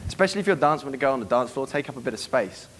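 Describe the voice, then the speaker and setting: A man giving a seminar to a live room, brisk and profane, acting out club scenes as he goes. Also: mid-range voice, animated, a bit bright, slight background noise. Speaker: dating coach giving a seminar. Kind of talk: live seminar talk to an audience.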